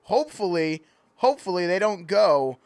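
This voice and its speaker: A man's voice: sits high, expressive, normal speed, smooth, dry recording. A man calling play-by-play in a joking mock sports broadcast, playful and easily sidetracked. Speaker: play-by-play commentator.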